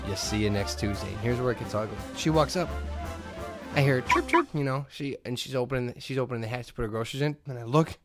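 A man in his thirties co-hosts a podcast and, in casual chat, tells an animated story, acting out quoted lines in a raised voice. His mid-range voice moves fast, with faint music in the background.

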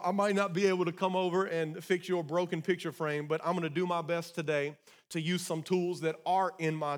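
A man with a notably high voice delivers a church sermon as pastor. He preaches emphatically, circling back to repeat key phrases, and calls out to the congregation for responses.

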